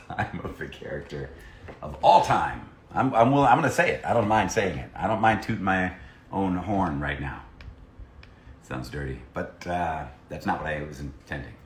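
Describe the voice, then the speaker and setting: A man's voice: rumbling low, very animated, unhurried, echoey room, slight background noise. A man, a voice actor, chatting playfully on a live stream while he signs autographs and reads out fan messages. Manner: playful and jokey, reading fan messages aloud. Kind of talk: casual live-stream chat.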